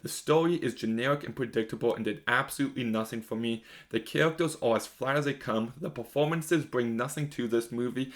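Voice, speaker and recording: A young man talks through a film review in a casual, unscripted way, frank and openly exasperated. His voice sits at an ordinary middle pitch, and he leans on fillers as he goes. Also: a little fast, few pauses. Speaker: movie reviewer.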